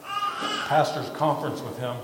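A male pastor telling a story in a casual, halting sermon full of fillers and repeated words. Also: medium pitch, steady tone, noisy background. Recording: echoey hall with faint ambience.

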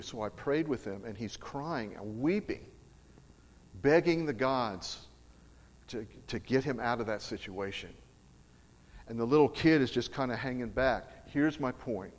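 Recorded with the long reverb of a big hall, a middle-aged preacher earnestly and emphatically relates a personal story as a sermon. He speaks expressively at a measured pace, with a medium pitch.

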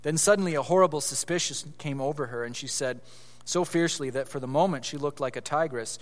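A man's voice: on the high side, fairly quick, in a large hall. A man reading a children's story aloud with expression, then explaining it with growing animation as a preacher.

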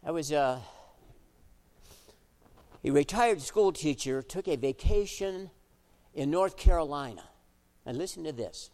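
High-voiced preacher in an echoey hall. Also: male voice, lively intonation, measured pace, pauses often. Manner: swings from emphatic preaching to quiet, chatty storytelling. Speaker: pastor. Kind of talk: sermon.

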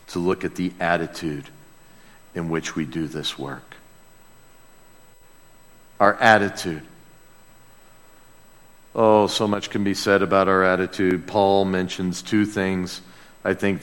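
Pastor guy preaching slow and bouncy, asks the crowd stuff, big echoey church. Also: deep voice. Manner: animated, talks directly to the congregation with questions. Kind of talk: sermon.

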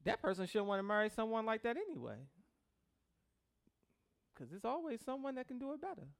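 A man's voice: very high voice, sing-song, fairly quick, vocal fry. A man preaching a sermon as pastor, joking with the congregation and mimicking people in a loose, conversational way.

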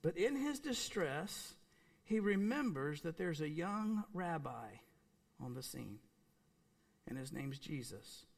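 A man with a fairly high voice preaches a sermon with earnest emphasis. He leans on repeated phrases, then drops to a hushed, quiet delivery to make a point. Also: very animated, slow pace, creaky. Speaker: pastor.

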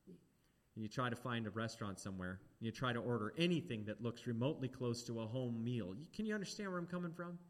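A man preaching a sermon, animated and talking straight to the congregation with questions. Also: medium pitch, quick pace.

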